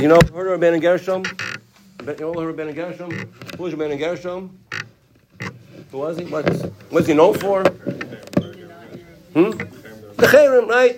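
A man's voice: fairly high pitch, background noise. A man teaching a Torah class in a conversational way, asking his listeners questions and often restarting his sentences. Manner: conversational, asks the audience questions; frequent restarts and "you know" asides. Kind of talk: Torah lecture.

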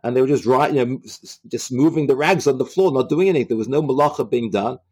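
A man retelling a religious story in a halting way, often repeating himself. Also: mid-range voice, darkish tone, husky.

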